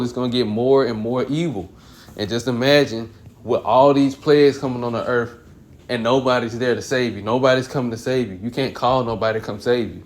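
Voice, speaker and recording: A man teaching from scripture. He reads verses aloud slowly, then explains them in loose, everyday slang. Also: medium pitch, fairly even intonation. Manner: slow and deliberate when reading scripture. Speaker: Bible teacher. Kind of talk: casual scripture reading and commentary.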